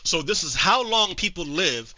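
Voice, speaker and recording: A male streamer giving casual political commentary to his live chat, halting with frequent repeats and restarts. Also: high voice, big pitch swings, sharp tone, no room sound, rough recording.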